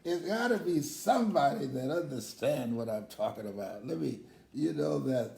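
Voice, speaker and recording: A man's voice: medium pitch, lively intonation, moderate pace, vocal fry, dark tone, echoey room. An older man, a motivational speaker, telling personal stories in a casual live stream and laughing heartily as he talks.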